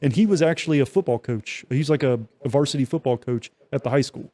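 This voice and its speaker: A man's voice: mid-range voice, fast, mellow. A young man co-hosting a podcast, telling a long story in loose, profane casual chat with many fillers. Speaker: podcast co-host.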